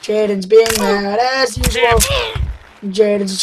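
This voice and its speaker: A young male gamer with a high voice, narrating his play in loud bursts and sudden yells. He drags out some words and talks slowly overall, and there is steady hiss on his recording. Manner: loud, yelling, sudden outbursts. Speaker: gameplay commentator. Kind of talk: excitable gameplay commentary. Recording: noisy home mic.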